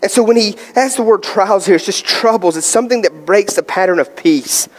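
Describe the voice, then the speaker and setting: Animated pastor in a reverberant hall. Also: male voice, high-pitched, brisk. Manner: animated storytelling, many fillers. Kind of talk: sermon.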